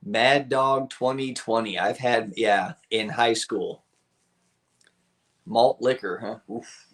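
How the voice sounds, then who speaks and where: A man's voice: medium pitch, fairly even intonation, slow, fairly bright tone. A man hosting a live stream, chatting casually with viewers, rambling, laughing often and swearing freely.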